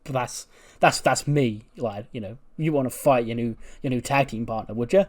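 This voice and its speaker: A man's voice: mid-range voice, normal speed, close to an everyday voice. A man voicing a cocky, talkative male wrestler who speaks in a brash, breezy way. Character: cocky chatty male wrestler, pushy and upbeat.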